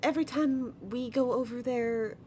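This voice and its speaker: A woman's voice: a little high, normal speed, slight background noise, voice pushed up, lightly acted. A woman putting on a sweet old goblin granny. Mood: gentle. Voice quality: soft, sweet voice.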